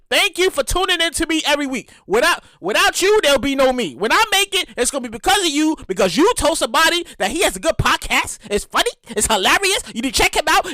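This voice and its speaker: Animated high-voiced woman podcast host. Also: no room sound, clean studio sound. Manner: animated, profane, ranting storyteller. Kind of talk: casual solo podcast monologue.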